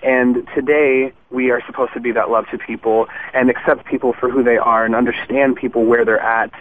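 A man's voice: medium pitch, flat delivery, brisk. A young man speaking earnestly as a guest musician in a casual interview, with frequent "um" fillers. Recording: tinny phone line, faint hiss.

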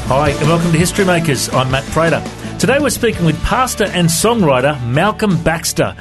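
A man hosting an interview show, friendly and relaxed, laughing easily. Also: a little high, a little fast, music in the background. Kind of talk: casual interview chat.

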